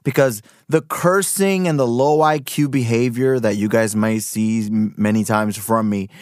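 A man's voice: mid-range voice, fairly even intonation, unhurried, a little mellow, no echo. Podcast guy rambling on with lots of ums, dry close mic sound. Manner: rambling, with filler and restarts. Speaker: podcast host. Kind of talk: casual commentary.

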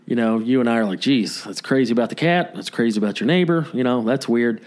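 This man's mid-range voice moves fast as he co-hosts a comedy podcast, relating a long story in casual talk. He's a lively storyteller, acting out the people involved and delivering their quotes.

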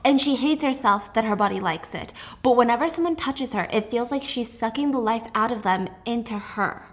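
A young woman recaps a novel in a casual, animated way, breaking off for asides. Her voice sits a bit high. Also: moderate pace. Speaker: host.

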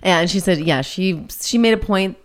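A woman co-hosting a podcast, casually chatting about a documentary series and readily agreeing with her partner. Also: on the low side. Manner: chatty, agreeable, quick reactions and laughs. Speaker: podcast co-host. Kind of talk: casual chat recapping a docu series.

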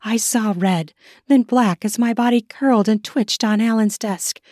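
A woman's voice: fairly high pitch, measured pace, darkish tone, no echo, studio quality. A woman podcast host and author narrating her own erotic story in first person.

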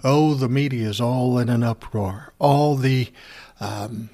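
A man's voice: mid-range voice, slow, mellow. A man hosting a casual ranting monologue, telling a story in a profane, sarcastic way. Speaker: commentary host.

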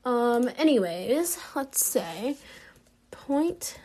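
Slow, incredulous young woman vlogging. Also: fairly high pitch, expressive. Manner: rambling, incredulous, laughs often, many fillers. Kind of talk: casual unscripted commentary.

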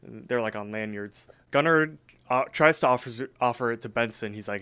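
Smooth-voiced man recapping a cartoon episode. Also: medium pitch, fairly quick, a bit bright. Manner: rambling, filler-heavy retelling. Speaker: podcast co-host.

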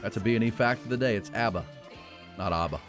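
A man hosting a casual sports talk show, conversational and lively when promoting segments. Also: medium pitch, very fast, faint music behind. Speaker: sports radio host.

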